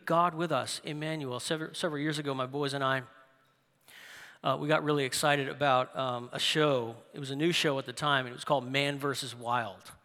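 A middle-aged man preaching a sermon as pastor, telling stories with big swings between loud emphasis and hushed asides. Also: high-pitched. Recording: long hall reverb.

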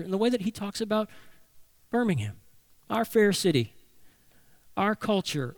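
A man preaches from the pulpit, his voice sitting high for a man. He preaches in an animated way, acting out voices to drive his points home. The sound is dry and close. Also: no room sound. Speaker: pastor. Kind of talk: sermon.

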